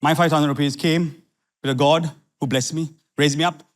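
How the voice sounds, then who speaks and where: A middle-aged man from Sri Lanka preaching a sermon as pastor, repeating phrases and swinging from low asides to fiery questions. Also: fairly even intonation, normal speed.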